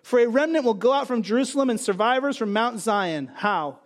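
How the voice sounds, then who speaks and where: A man's voice: very high-pitched, animated, a little fast. A man preaching a sermon, emphatic, asking and answering his own rhetorical questions. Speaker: pastor.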